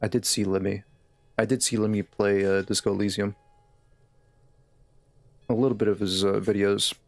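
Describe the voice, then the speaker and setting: A man's voice: lowish voice, little pitch movement, normal speed, gravelly, no room sound. A man streaming a game, chatting casually, joking and laughing often. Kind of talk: casual gameplay commentary.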